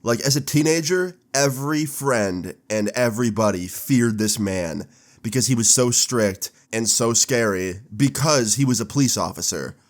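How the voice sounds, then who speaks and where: A young man in his twenties telling a casual storytime, animated and swearing with laid-back slang. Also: medium pitch, normal speed. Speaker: storytime vlogger.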